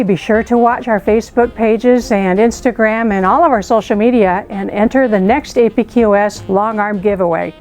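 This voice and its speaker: A woman's voice: mid-range voice, low-quality recording. A woman from a company calling a prize winner, talking in a cheerful, bubbly way. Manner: cheerful, bubbly, warm-spirited. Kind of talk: upbeat phone call and promo narration.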